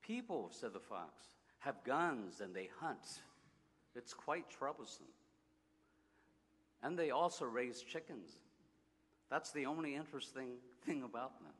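A man reading as a wise gentle fox. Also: medium pitch, big pitch swings, breathy edge, voice pushed up, heavily acted. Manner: slow, earnest storybook reading. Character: wise gentle male fox, patient teacher. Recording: long hall reverb.

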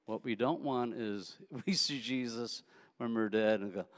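A man preaching a sermon in a relaxed, conversational way, telling anecdotes and often repeating words as he goes. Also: mid-range voice, unhurried. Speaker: pastor. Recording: echoey hall.

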